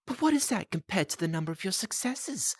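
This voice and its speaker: A man reads aloud as an anxious young gentleman, pitched well above his own low voice. The pleas come out earnest and urgent. The sound is close and dry. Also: big pitch swings, a little fast, slightly rough, dry recording, full character voice.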